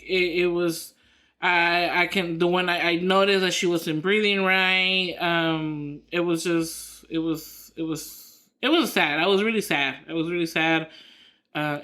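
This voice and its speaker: A woman's voice: on the low side, a little slow, fairly bright tone. A woman co-hosting a podcast in casual chat, rambling through her story with lots of fillers and restarts. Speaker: podcast co-host.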